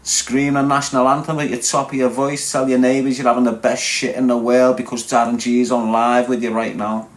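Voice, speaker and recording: This Scouser in his forties, from Liverpool, is loud and brash on his live stream, cursing freely and crudely ridiculing his viewers. His middle-pitched voice stays flat and runs a little fast, with hardly any pauses.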